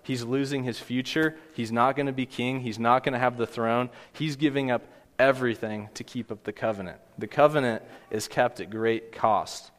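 A man's voice: medium pitch, steady tone, moderate pace, big-room sound. A man preaching a sermon in an earnest, conversational way, often restarting his sentences. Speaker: pastor.

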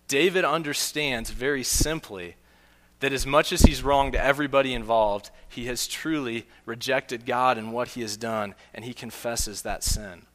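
Speaking at a moderate pace in a mid-range, fairly bright voice, a pastor delivers a sermon in earnest. He tells a story to press his point, performing the quoted lines, with long hall reverb around him.

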